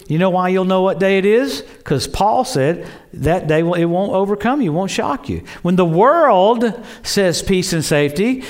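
A man preaching a sermon in an excitable storytelling way, acting out quoted voices and exclaiming. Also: sits high.

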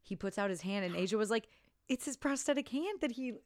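A woman's voice: on the high side, animated, fast talker, no room sound, studio quality. A woman casually recapping a film plot, acting out the characters' lines and swearing freely. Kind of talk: casual movie recap chat.

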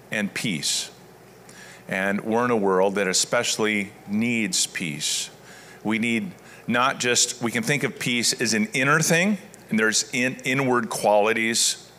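A man's voice: medium pitch, bright, forceful tone. A man preaching a sermon, reading scripture aloud and then explaining it in a conversational way. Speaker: pastor.

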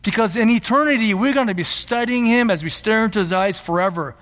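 A man's voice: sits high, a little fast, fairly bright tone, big-room sound. A man preaching a sermon as pastor, emphatic and repeating his key phrases.

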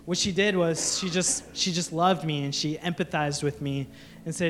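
A man's voice: a little high, fairly even intonation, normal speed, a bit bright, slight background noise. A man who is a pastor, preaching a candid, conversational sermon with frequent restarts in a church.

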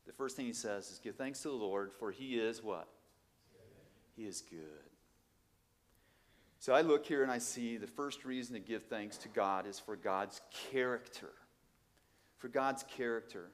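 A male preacher whose first language is Portuguese delivers an animated, emphatic sermon at a moderate pace in a big-room sound. He swings from low asides to loud exclamations and poses rhetorical questions.

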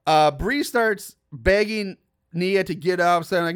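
A young man with a high-pitched voice walks through a film's plot in casual podcast chat. He breaks off into incredulous, laughing asides and swears freely. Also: lively intonation, unhurried, clean tone. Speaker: podcast host recapping a film. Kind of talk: casual movie recap.

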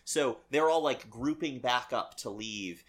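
A man's voice: mid-range voice, measured pace. Chatty man co-hosting a book talk. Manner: chatty, finishes his partner's points. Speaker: podcast co-host discussing a novel. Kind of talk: casual book discussion.

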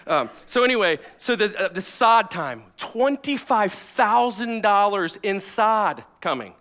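A man, a pastor and former firefighter, preaching with personal stories in an energetic, conversational way that swings between loud bursts and hushed asides. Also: high voice, moderate pace, few pauses, clean tone.

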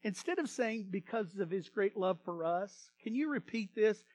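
High-voiced pastor preaching with swings in volume. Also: male voice, animated, normal speed, darkish tone. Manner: repeats words when starting phrases. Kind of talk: sermon.

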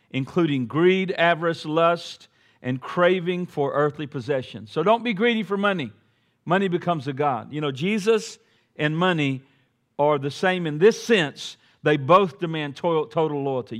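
Middle-aged male pastor preaching with rising fervor. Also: fairly high pitch. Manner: conversational preaching that swells to loud emphatic peaks, with joking asides. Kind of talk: sermon. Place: church sanctuary before a congregation.

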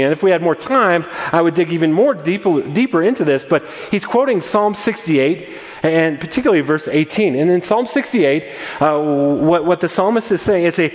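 A man giving a sermon as pastor, earnest and animated, often restarting his words. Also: on the high side. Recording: long reverb of a large room.

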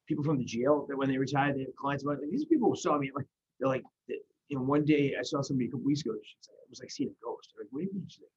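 Man, fast earnest talker, husky voice, dull lo-fi sound. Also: medium pitch, darkish tone. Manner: earnest, rambling with restarts. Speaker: guest in recovery. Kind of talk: casual conversation.

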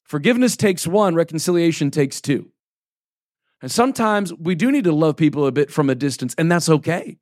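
A man's voice: fairly high pitch, lively intonation, fairly quick, a little mellow, no room sound, clean studio sound. A man in his forties preaching a sermon as a pastor, talking in a loose, conversational way, often checking in with "right?" and "okay?", and reading scripture aloud between plain asides.

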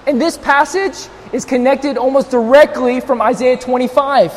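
A pastor with a high voice delivers a sermon at normal speed with hardly any pauses, straining to carry without a monitor. He swings between loud, near-shouted emphasis and softer, tender, hushed passages. His voice rings through a reverberant hall over faint background noise.

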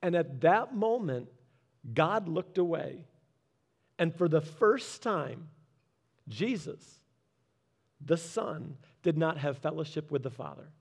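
A man preaching a sermon in a conversational way, adding humorous asides and dropping quiet and slow for the solemn points. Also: fairly high pitch, expressive, creaky. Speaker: pastor.

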